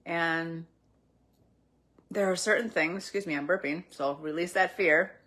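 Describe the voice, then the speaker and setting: Low-pitched woman, slow unhurried delivery, spiritual teacher, gentle and reflective. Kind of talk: spiritual talk, live stream.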